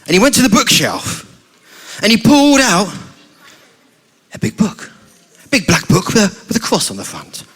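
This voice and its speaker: A man's voice: high-pitched, moderate pace, pauses often, breathy edge. Playful British man telling a children's story. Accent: British English. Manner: playful, animated, asks the children questions. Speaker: guest speaker at a family church service.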